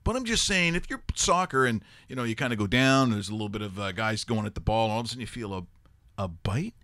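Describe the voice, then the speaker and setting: A man hosting a sports talk show, telling stories in a rambling, animated way and laughing often. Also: on the low side, fast, no echo. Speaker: host.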